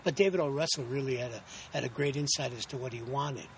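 A man's voice: medium pitch, fast, a little hiss or hum. A middle-aged man, an actor, telling anecdotes in a casual interview, rambling with many restarts and acting out quotes.

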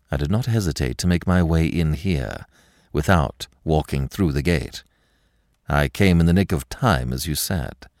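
Male narrator as a calm, authoritative gentleman thief, low voice, dry close sound. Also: no echo. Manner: measured, grave, authoritative. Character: calm, commanding gentleman thief, middle-aged man.

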